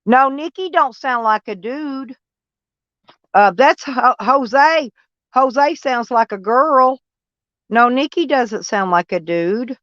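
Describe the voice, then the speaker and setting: High-pitched and expressive, a Southern American woman takes her time as she reads live chat on a stream, rambling and replying to viewers by name. Her voice is a bit bright, and the sound is dull, lo-fi, and dry.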